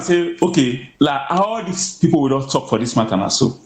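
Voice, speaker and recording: A man's voice: medium pitch, sing-song, moderate pace, roomy sound. A man with a Nigerian Pidgin accent speaking as a guest in casual commentary, emphatic with stammering restarts.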